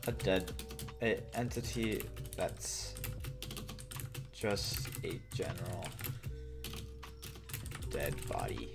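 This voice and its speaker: A man's voice: deep voice, very animated, very slow, vocal fry, pauses often, music in the background. A man live-streaming as he codes, rambling and joking as he thinks aloud. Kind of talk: casual live-coding stream.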